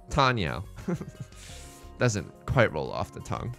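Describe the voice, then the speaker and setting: Young guy rambling through a game, goofy asides, pitch bouncing all over, soft music under it. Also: huge pitch swings, takes it slowly, creaky, pauses often. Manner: rambling, jokey, self-mocking, full of restarts. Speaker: let's play host. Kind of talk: casual gameplay commentary. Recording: faint music behind.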